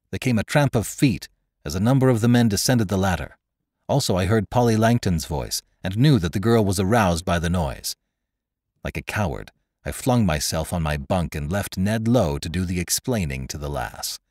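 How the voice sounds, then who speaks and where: A man narrating an adventure story aloud in a dramatic, expressive first-person telling. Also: low voice, no room sound, clean studio sound. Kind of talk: scripted audiobook narration.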